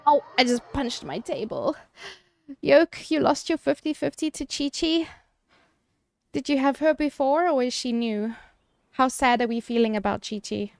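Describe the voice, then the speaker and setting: A woman's voice: a little high, smooth, dry recording. Woman game streamer, chatty, casual swearing, faint music behind. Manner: chatty, swears casually, answers chat with quick laughs. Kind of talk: casual live-stream chat.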